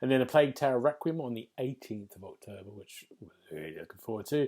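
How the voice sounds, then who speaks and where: A man's voice: mid-range voice, animated, fast, a little mellow. A man hosting a casual gaming podcast, chatty and loose, reading out release dates with plenty of ums. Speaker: podcast host.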